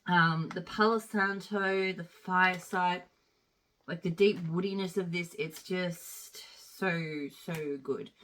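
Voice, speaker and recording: A woman's voice: fairly low pitch, fairly even intonation, slow, a bit bright. A woman chatting casually as she reviews wax melts, rambling with plenty of fillers. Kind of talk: casual product review chat.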